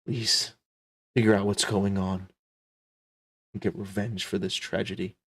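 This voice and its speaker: A man voicing a dying, loyal warrior who speaks softly and strains to get his words out. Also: fairly low pitch, flat delivery, measured pace, breathy edge, dry recording, full character voice. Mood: pleading. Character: dying male turtle-like warrior, gentle and loyal.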